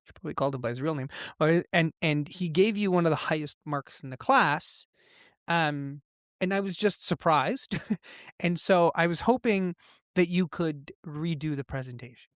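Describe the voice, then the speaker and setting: A man who grew up in Canada tells a personal story as an interview guest, and he tells it in a lively way. His voice sits fairly high, and he jumps up sharply when he acts out the voices of people in his story. The sound is dry and close to the mic. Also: moderate pace, no echo. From immigrant who grew up in Canada. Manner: lively storyteller acting out quotes with big pitch jumps. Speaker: guest, entrepreneur.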